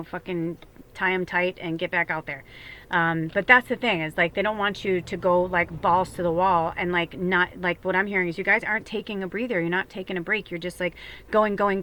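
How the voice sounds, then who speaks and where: Bright-voiced chatty woman tarot reader. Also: lowish voice. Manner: chatty, rambling, many fillers and repeats; swears casually. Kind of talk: casual spiritual reading.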